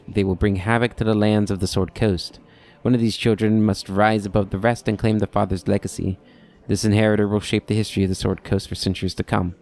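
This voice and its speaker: A man's voice: fairly low pitch, darkish tone. A man hosting a let's play, reading game text aloud with casual commentary and dry offhand asides.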